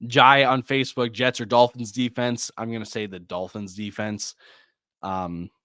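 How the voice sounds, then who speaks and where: A man hosting a live fantasy football Q&A, reading viewer questions and giving quick start-or-sit answers, with frequent sighs. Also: mid-range voice, steady tone, sharp tone, clean tone, no echo, clean studio sound. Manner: rapid answers, reads viewer names and questions; distracted, sighs often. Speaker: fantasy football podcast host.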